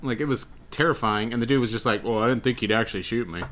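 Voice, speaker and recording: A man hosts a relaxed headline quiz among friends. He reads the questions and their choices aloud and opens each round with a goofy little rhyme. The tone is loose, casual podcast banter. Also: medium pitch, quick pace. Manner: reads headlines with silly rhyming intros. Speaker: quiz host.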